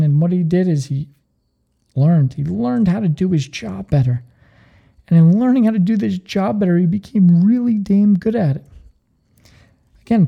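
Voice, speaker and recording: A man hosting a podcast, telling stories and giving earnest, energetic career advice. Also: high voice, creaky, highs cut off. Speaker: podcast host. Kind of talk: motivational podcast talk.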